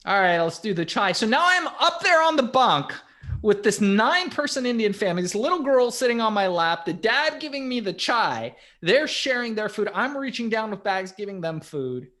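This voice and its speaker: A man on a podcast telling a story in a casual, animated way. His voice rises and falls a lot, and he leans on fillers as he goes. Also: high-pitched, moderate pace. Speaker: podcast co-host.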